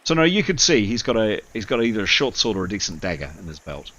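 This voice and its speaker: Wahający się mężczyzna, mistrz gry. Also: male voice, fairly low pitch, sing-song, fast, fairly bright tone, lo-fi sound. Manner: apologetic, hesitant with many fillers. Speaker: game master. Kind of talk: narrating a tabletop game.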